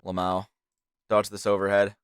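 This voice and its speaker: A young man as game master of a streamed tabletop game, casual and excitable, swearing freely as he describes the action. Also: lowish voice, normal speed, smooth, no room sound.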